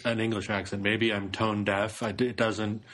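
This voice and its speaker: A man with a fairly low voice gives his view in a relaxed chat about film acting. He speaks in a measured, even-tempered way.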